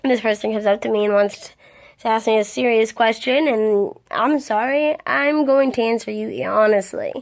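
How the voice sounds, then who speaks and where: Blunt, profane woman venting, creaky voice. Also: on the high side, normal speed. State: tired, yawning. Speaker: vlogger. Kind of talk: ranting vlog monologue.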